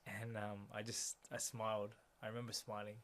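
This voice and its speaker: A man's voice: fairly low pitch, little pitch movement, moderate pace, a bit bright, a little hiss or hum. A man in his thirties, an interview guest, earnestly telling a personal story and retelling scenes through quoted dialogue, with many fillers. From Australia.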